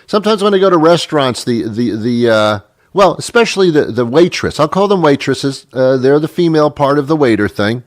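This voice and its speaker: A man's voice: fairly high pitch, expressive, brisk, no room sound, studio quality. A middle-aged man hosting a radio show, delivering a rambling, wry comedic monologue with many restarts. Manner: rambling, self-interrupting, wry.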